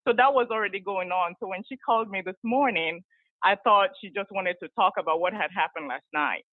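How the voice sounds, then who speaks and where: A woman's voice: mid-range voice, fairly quick, no echo. Woman co-host over a tinny line. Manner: animated retelling with laughs. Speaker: podcast co-host. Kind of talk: casual storytelling chat. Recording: tinny phone-like call line.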